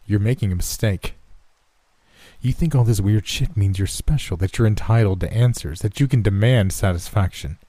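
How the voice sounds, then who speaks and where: A cold, contemptuous doctor, as a male storyteller puts him on, talks in a low, half-whispered sneer. The voice sits very deep and dark. It is dry and close, with no room around it. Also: moderate pace, dry recording, natural voice. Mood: threatening. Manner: sneering, dismissive, low and hushed. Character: cold, menacing middle-aged male doctor. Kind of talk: horror story reading.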